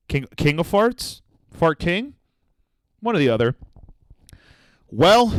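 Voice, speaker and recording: Young male comedy podcast host, smooth voice, dry close mic, profane and self-deprecating. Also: medium pitch, no room sound. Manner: profane, self-deprecating, swings between jokes and sincerity. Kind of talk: solo comedic monologue.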